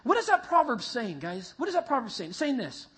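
A man preaching to a group, telling a vivid, animated story that builds toward a Bible lesson. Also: extremely high pitch, fairly quick, husky. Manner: animated storyteller, acts out voices and sounds. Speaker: youth pastor. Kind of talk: sermon with a told story. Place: meeting room with a live group.

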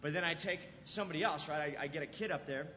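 A man's voice: fairly high pitch, quick pace, slight background noise. A young man giving a casual sermon to a youth group, telling stories and acting out scenes, with lots of "like" and "right?". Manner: animated storytelling, acts out scenes, fillers like "like" and "right?". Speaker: youth pastor. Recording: dull lo-fi sound in a reverberant hall.

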